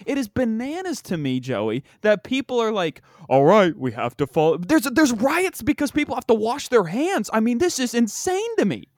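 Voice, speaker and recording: A young man with a slight Southern country accent hosting a casual podcast, ranting with animated disbelief. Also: extremely high pitch, normal speed, few pauses, no echo, clean studio sound. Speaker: podcast host.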